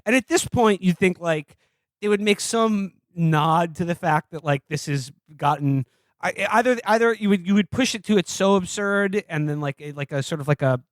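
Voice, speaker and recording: Man, podcast co-host. Rambling, profane, sardonic; slightly high voice, dry close sound. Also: normal speed, no room sound. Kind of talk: casual comedic film review chat.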